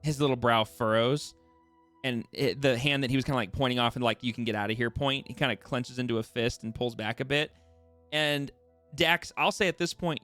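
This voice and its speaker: Halting man running a tabletop game. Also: medium pitch, fairly bright tone, no echo. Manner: halting, many fillers. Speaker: game master.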